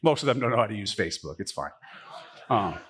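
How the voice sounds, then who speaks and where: A man who is a pastor preaching a sermon in a church, swinging from emphatic high points to quiet asides. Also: fast, noisy background. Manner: animated, rising to emphatic peaks and dropping to quiet asides. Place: church sanctuary.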